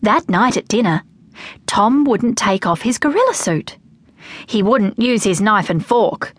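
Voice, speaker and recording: A woman narrating a children's audiobook with lively, expressive storytelling. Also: medium pitch, measured pace, no echo.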